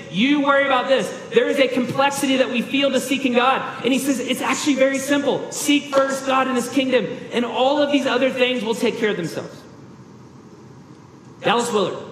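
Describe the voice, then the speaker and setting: High-voiced preacher man in echoey hall. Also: a bit bright, slight background noise. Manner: earnest, emphatic preaching with rhetorical questions. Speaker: pastor. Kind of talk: sermon.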